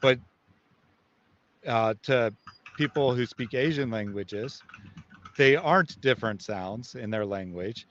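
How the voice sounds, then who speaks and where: A man co-host who clarifies points in a measured, agreeable way during a casual discussion. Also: medium pitch, fairly bright tone. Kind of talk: explanatory discussion. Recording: dull lo-fi recording.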